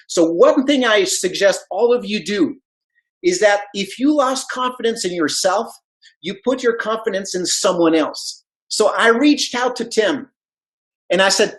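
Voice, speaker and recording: A man's voice: high voice, moderate pace, rough recording. A man whose first language is not English gives a motivational talk about network marketing, telling stories and acting out the voices in them. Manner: animated storyteller, acts out quoted dialogue.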